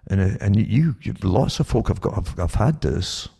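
A man's voice: on the low side, lively intonation, normal speed, vocal fry, warm tone, breathy edge. A man hosting a monologue talk show, rambling with many repeated words and stumbling restarts. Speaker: show host.

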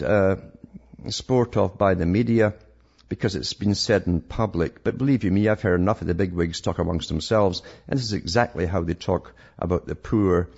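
Gravelly deep-voiced sarcastic man. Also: darkish tone. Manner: sarcastic, rambling with frequent restarts. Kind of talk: monologue reading news articles. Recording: dull lo-fi recording.

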